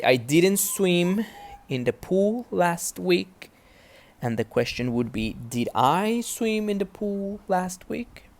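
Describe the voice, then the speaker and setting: A woman's voice: very deep voice, darkish tone. A woman teaching English grammar and pronunciation in a recorded lesson, explaining patiently step by step and checking in with the learner.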